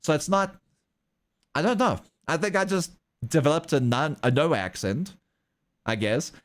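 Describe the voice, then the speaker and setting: A man's voice: fairly high pitch, measured pace. A young man from South Africa with a South African accent, chatting casually and rambling with his livestream viewers. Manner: rambling, lively, laughs often.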